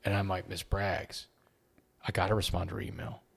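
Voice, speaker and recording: A middle-aged man, a podcast guest, telling an emotional story in an earnest, halting way and often repeating words when moved. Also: low-pitched, level tone, vocal fry, a bit bright, slightly rough.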